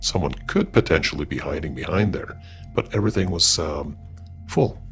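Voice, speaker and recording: Deep-voiced man telling a spooky story. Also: animated, normal speed, vocal fry, soft background music. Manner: loose and conversational, with fillers and restarts. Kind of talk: casual paranormal story narration.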